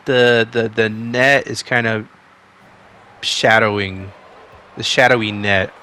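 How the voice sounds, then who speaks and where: A man's voice: on the low side, flat delivery, takes it slowly, sharp tone, slight background noise. A man casually commentating a basketball video game, rambling between calls and rising sharply on big plays.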